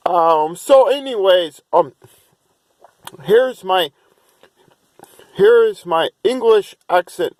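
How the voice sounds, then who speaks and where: A man's voice: high voice, lively intonation, slow pace, long pauses, no echo. A man talking to camera in a rambling vlog monologue, restarting and repeating himself, and at times chanting long runs of made-up syllables in a raised voice.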